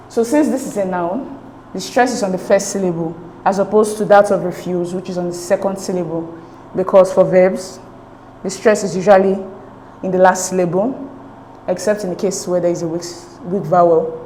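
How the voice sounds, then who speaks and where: A woman's voice: fairly low pitch, fairly even intonation, normal speed, warm tone. Patient woman tutor in an echoey room. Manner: patient, step-by-step, checks with "okay?". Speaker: English exam tutor. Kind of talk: explaining exam answers. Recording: echoey room with faint noise.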